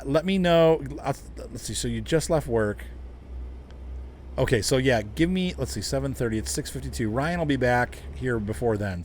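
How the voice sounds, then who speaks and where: A man's voice: mid-range voice, a little hiss or hum. A man casually chatting with viewers while driving in a truck game, rambling and laughing often. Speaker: game streamer.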